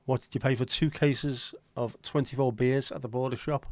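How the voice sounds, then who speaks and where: A man's voice: medium pitch, steady tone, moderate pace, a little mellow, no echo. Chatty man hosting a livestream. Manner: chatty and joking, answers viewer comments. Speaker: livestream host. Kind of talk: casual livestream chat with viewers.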